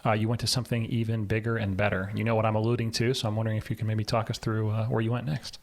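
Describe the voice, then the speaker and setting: A man's voice: on the low side, level tone, very fast. A man hosting an interview podcast, a naval aviator asking questions conversationally. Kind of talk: casual interview.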